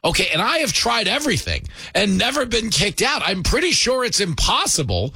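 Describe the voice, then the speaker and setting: A man's voice: high voice, very animated, moderate pace, pushed and bright, breathy edge, dry recording. A man hosting a show, delivering a sarcastic, mocking comedy monologue.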